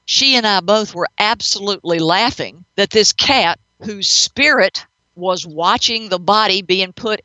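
A woman hosting a radio show as a pet psychic, telling her stories in a chatty, animated manner. Her voice is bright and forceful, recorded dry with a slightly dull, lo-fi radio sound. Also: lowish voice, no room sound. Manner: animated, chatty, matter-of-fact. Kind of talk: radio storytelling.

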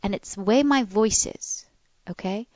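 Animated woman dog trainer explaining. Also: medium pitch, a little slow, dry recording, muffled recording. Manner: animated, demonstrative explaining with soft coaxing cues. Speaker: dog trainer and podcast co-host. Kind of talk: casual advice chat.

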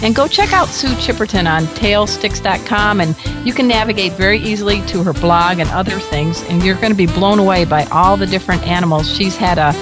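A woman's voice: mid-range voice, fairly quick, hardly any pauses, music in the background. A woman hosting a pet radio show, chatting in a bubbly, jokey way and laughing often. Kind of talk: casual radio interview.

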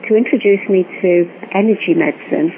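A woman guest telling a long personal story in an animated way, recorded over a phone line. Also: medium pitch, a little fast. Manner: animated storytelling, acts out quoted voices. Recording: tinny phone line with faint hiss.

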